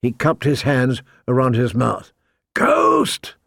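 A man narrating a fantasy audiobook in a measured, deliberate storytelling manner on a close studio mic. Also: mid-range voice, creaky, dry recording.

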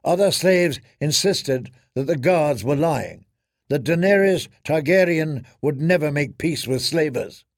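A man reading a fantasy audiobook in a measured, dramatic narration. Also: fairly high pitch, lively intonation, dry recording, studio quality.

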